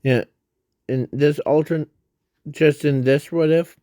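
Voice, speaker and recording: A man rambles through his idea at a very slow, halting pace, stopping and restarting often. His voice is dark and mellow, and he is breathing hard. The recording is dry and close, with no room sound. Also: fairly high pitch, steady tone, dry recording. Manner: halting, many fillers and restarts. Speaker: fan video creator. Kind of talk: casual rambling explanation.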